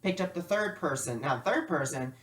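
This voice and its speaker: Low-voiced woman telling a lesson story. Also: fairly quick. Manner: animated, acts out dialogue with lively voices. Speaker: spiritual teacher and life coach.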